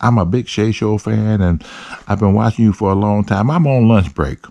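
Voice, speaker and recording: A man's voice: on the low side, moderate pace, mellow, pitched above the performer's own voice, natural voice. A man voicing a chatty, hyper female fan in a raised, eager voice. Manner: bubbly, eager.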